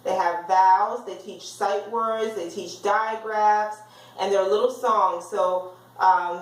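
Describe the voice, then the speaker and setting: A woman's voice: mid-range voice, fairly even intonation, faint music behind. Female teacher, explanatory lecture delivery, recorded far off in a roomy space. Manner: explanatory, sounds words out slowly.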